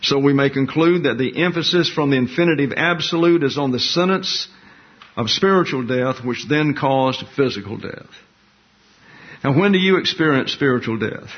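A man teaching a Bible lesson in a slow, deliberate, explanatory way, repeating key words for emphasis. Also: mid-range voice. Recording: dull lo-fi recording.

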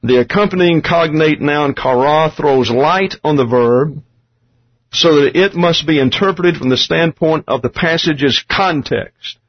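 Male bible teacher, methodical, husky, somewhat high voice, dull lo-fi recording. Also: measured pace. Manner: methodical, explains terms step by step. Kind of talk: Greek grammar Bible study lesson.

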